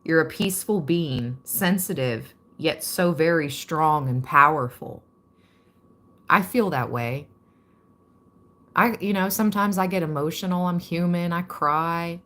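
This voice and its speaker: A woman giving a calm, reflective tarot reading to her viewers. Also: lowish voice, unhurried. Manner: calm and reflective, reading card meanings aloud. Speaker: tarot card reader.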